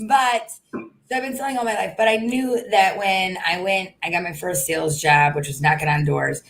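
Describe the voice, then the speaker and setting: A woman's voice: fairly low pitch, fairly even intonation, moderate pace, gravelly, a bit bright. A woman hosting a casual interview, talking in an informal, candid way with frequent fillers. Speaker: interview host.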